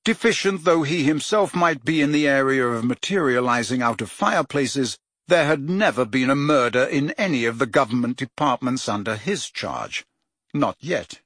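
A man narrating an audiobook in an expressive, theatrical reading. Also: mid-range voice, no echo, studio quality.

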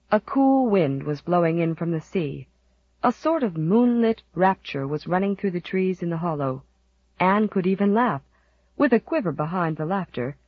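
Breathy woman reading a novel aloud. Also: lowish voice, dry recording. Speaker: audiobook narrator. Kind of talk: scripted narration. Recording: dull, dry, lo-fi recording.

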